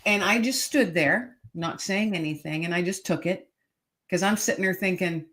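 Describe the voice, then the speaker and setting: A middle-aged woman, an author appearing as a podcast guest, relates a heartfelt personal story in an interview. Her voice sits on the low side with a fairly bright tone and a moderate pace, and she speaks earnestly and emphatically, repeating key phrases.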